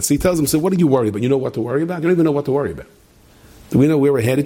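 A man's voice: medium pitch, expressive, rapid-fire, warm tone. A man giving a sermon, telling stories and acting out their voices, mixing in Hebrew and Yiddish terms. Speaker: rabbi.

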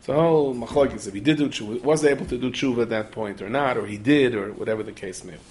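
Acting out each character, a man relates a Torah story in the manner of a sermon, animated and full of Yiddish and Hebrew words. He talks fast at medium pitch over slight background noise.

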